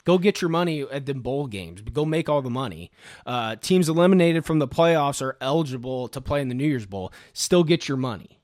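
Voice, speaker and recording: A man's voice: medium pitch, lively intonation, a little fast, darkish tone, no room sound, studio quality. A man co-hosting a sports podcast, making emphatic points and repeating them in casual chat. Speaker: podcast co-host.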